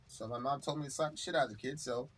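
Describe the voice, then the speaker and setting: A man co-hosting a live stream, talking bluntly with a lot of profanity and animated storytelling. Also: mid-range voice, fast talker. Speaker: co-host of a live reaction stream. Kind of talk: casual heated discussion.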